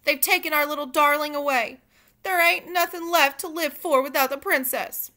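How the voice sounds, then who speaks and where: A woman doing a loud wailing kitchen cook. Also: high voice, moderate pace, pitched above the performer's own voice. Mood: distraught. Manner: loud, wailing, near tears. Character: weeping stout middle-aged woman cook, fierce.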